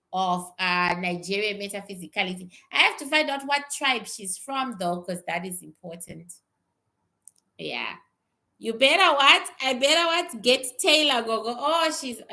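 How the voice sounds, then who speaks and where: Woman psychic chatting to her livestream viewers, slow drawl, kinda high bright voice, blunt n swears a lot. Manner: blunt and profane, drifting and repeating herself. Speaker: psychic reader. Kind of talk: casual livestream chat answering viewers.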